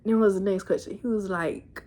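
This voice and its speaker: A woman casually recapping a TV episode in an animated, slangy, rambling way. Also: medium pitch, brisk. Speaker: show reviewer.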